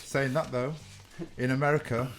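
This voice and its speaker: A man's voice: mid-range voice, flat delivery, normal speed, gravelly, a little hiss or hum. A man co-hosting a casual live-streamed chat, arguing his points and throwing in rhetorical questions.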